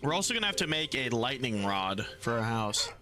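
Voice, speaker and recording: A man's voice: mid-range voice, fairly quick, music in the background. A man streaming a game, chatting loosely with viewers, swearing casually and greeting them by name. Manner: soothing coos when calming his pet rats. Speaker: gaming streamer. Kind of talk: casual live-stream chat.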